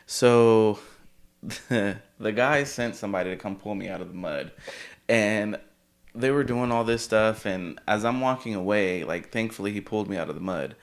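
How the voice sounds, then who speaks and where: A man's voice: on the low side, moderate pace. A man talking as an interview guest, easygoing, laughing as he tells stories. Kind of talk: casual interview chat.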